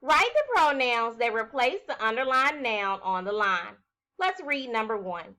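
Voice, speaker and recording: A woman teacher giving a recorded phonics lesson to young children, speaking slowly and clearly, sounding out words and praising her class. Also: a little high, sing-song, sharp tone.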